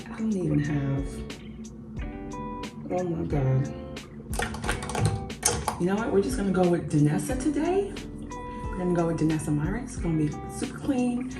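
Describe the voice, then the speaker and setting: Young woman ranting a storytime over her makeup, lowish voice, roomy echo, a bit off mic, faint music. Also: far from the mic. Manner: animated, swears freely, addresses viewers as y'all. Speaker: beauty vlogger. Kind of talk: casual storytime while doing makeup.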